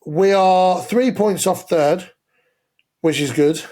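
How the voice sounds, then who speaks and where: A man's voice: sits high, slow, mellow. A man co-hosting a casual football podcast, opinionated and sweary, laying out his arguments step by step. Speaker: podcast co-host.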